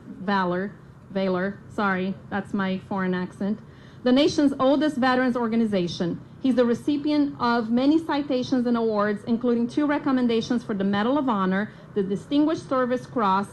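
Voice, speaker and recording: A woman reads a formal introduction at an outdoor rally in a slightly high voice. She keeps a steady reading pace but stumbles now and then and corrects herself, with faint noise in the background. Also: poor audio. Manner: reads steadily, with small slips and self-corrections. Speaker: event introducer.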